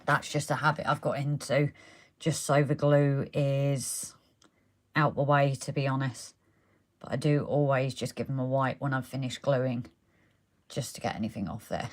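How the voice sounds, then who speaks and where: Woman, deep voice, chatty live-stream host, losing her voice, reads viewer comments. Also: fairly even intonation, normal speed. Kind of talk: casual live stream chat while modelling. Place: indoors at a model railway layout.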